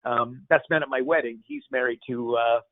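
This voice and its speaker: A man's voice: mid-range voice, moderate pace, no room sound. A man hosting a casual Q&A call, playful and rambling, joking with callers. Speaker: host. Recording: tinny phone-like line, dry.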